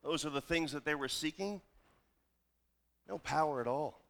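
A man's voice: on the high side, moderate pace, vocal fry, fairly bright tone. A male pastor preaching a sermon, retelling a familiar film story with wry humorous asides.

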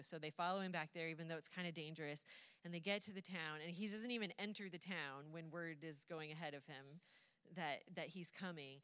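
Woman preacher, low-ish voice, laughs as she tells the story, long hall reverb. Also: moderate pace, fairly bright tone, clean tone. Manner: chatty, laughs often, acts out voices lightly. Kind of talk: casual retelling of a Bible story.

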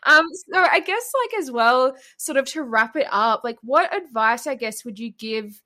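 A woman's voice: on the high side, lively intonation, moderate pace, sharp tone. A woman interviewing in a casual chat, talking with lots of "like" and laughing often. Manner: chatty, laughing, filler-heavy.

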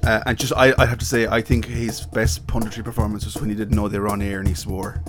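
A man from Ireland reviewing a beer on a podcast in a relaxed, hesitant way, with lots of restarts. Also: lowish voice, fast talker, over music. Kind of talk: casual chat.

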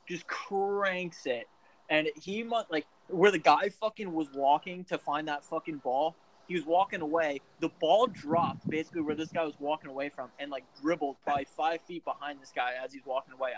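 A man's voice: on the high side, steady tone, normal speed, slight background noise, rough recording. A man telling a golf story in casual, profane chat, rambling and laughing along. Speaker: podcast co-host.

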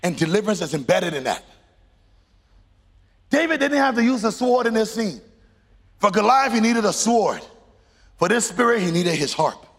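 Middle-aged pastor, high and lively delivery, gravelly and husky, big echoing church. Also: male voice, moderate pace, pauses often. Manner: preaching with rising emphatic bursts and sung phrases. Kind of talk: sermon. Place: church sanctuary. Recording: long reverb of a large hall.

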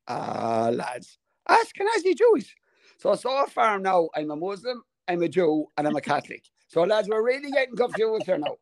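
An Irish man co-hosting a casual podcast chat, telling stories with animated energy and jumping high in pitch when amazed. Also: no echo. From Ireland. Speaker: podcast co-host.

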